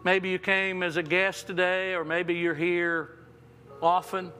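A man's voice: high voice, flat delivery, a little slow, pushed and bright, faint music behind. A man preaching a sermon as pastor, often repeating words as he restarts sentences and acting out the quotes he reads. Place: church sanctuary.

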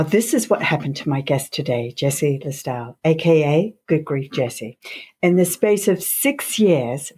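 A woman hosting a podcast interview, speaking slowly, gently and earnestly. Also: sits low, husky. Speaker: podcast host.

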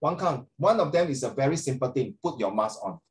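A middle-aged man with a Singaporean English accent, teaching a social studies class in an animated, joking, sarcastic way, with Mandarin phrases mixed in. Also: medium pitch, fairly quick, low-quality recording.

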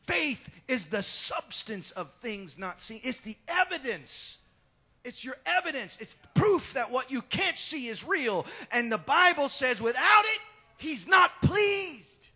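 An animated man preaching a sermon in a high voice. His voice is bright, with wide swings in pitch. He acts out the Bible scenes and jokes with his congregation. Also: unhurried, slightly rough. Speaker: pastor.

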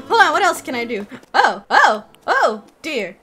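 A woman streaming a video game, chatting casually, giggly and excitable, squealing when something delights her. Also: high voice, a little slow, few pauses, soft background music. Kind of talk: casual gameplay commentary.

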